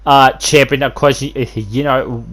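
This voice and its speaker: A man with a mid-range, fairly bright voice speaks a little slowly with fairly even intonation. He's hosting excited wrestling play-by-play, rambling through constant fillers and restarts before breaking into bursts of hype.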